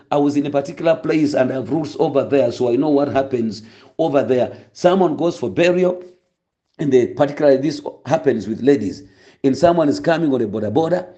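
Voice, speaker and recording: A man's voice: medium pitch, warm tone. A male pastor praying and preaching a sermon, fervent and full of stories. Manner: fervent, storytelling, many restarts. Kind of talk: sermon and prayer. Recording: dull lo-fi recording.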